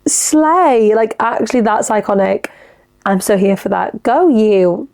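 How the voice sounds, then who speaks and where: A woman's voice: medium pitch, measured pace, a little mellow. A woman hosting a podcast, giving advice in a chatty, enthusiastic and sweary manner. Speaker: podcast host. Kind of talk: casual advice chat.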